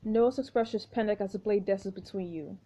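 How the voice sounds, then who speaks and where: Mellow woman narrating a story game. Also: medium pitch, fairly quick. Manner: expressive, exclaiming reactions. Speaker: gameplay narrator. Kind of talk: reading a story game aloud with commentary. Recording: dull lo-fi recording.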